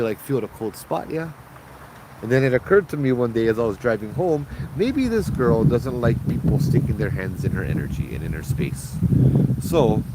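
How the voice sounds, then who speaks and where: A man, a ghost tour guide telling a story in an animated, casual way, acting out the people in it. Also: medium pitch, very noisy. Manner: animated, acts out quoted voices.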